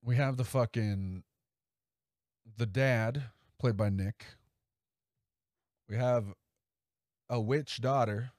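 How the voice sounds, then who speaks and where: A man's voice: medium pitch, slow pace, pauses often, a little mellow, no room sound, studio quality. A man hosting a casual solo podcast, rambling and enthusiastic, with frequent swearing. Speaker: podcast host.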